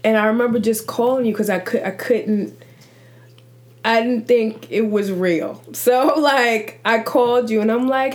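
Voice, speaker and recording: A woman hosting a casual chat, relaxed and supportive, who reacts briefly and then tells her own side of a story. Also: a little high, a little slow. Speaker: host.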